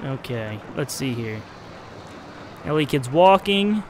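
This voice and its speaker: A man's voice: medium pitch, animated, slow, noisy background. A man streaming a park-building game, giving casual play-by-play that swings from chatty narration to exasperated outbursts. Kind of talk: casual gameplay commentary.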